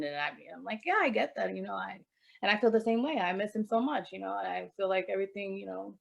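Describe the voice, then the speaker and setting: A woman's voice: mid-range voice, fast, gravelly, dull audio. A woman co-hosting a podcast, talking openly and emotionally about happiness and swearing freely. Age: adult with a child. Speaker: podcast co-host. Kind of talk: candid casual chat.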